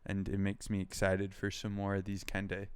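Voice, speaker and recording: A young man rambles through casual pop culture chat, peppering every thought with "like" and "um". His voice sits low and stays flat. The sound is smooth and dry, close to the mic. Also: normal speed, no echo. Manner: rambling, heavy use of "like" and "um". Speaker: podcast co-host.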